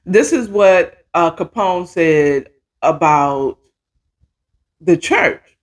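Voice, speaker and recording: A woman's voice: on the low side, expressive, very slow, long pauses. A woman hosting a casual commentary chat from home, opinionated and rambling, with restarts and asides. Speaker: host. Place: home, at a computer.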